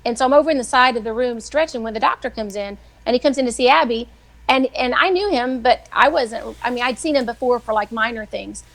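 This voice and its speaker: A middle-aged woman, a weekly guest who writes devotionals, telling faith stories in a chatty, animated way. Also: a little high, fairly quick, vocal fry. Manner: chatty, animated, acts out quoted voices. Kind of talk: casual faith storytelling on a live show.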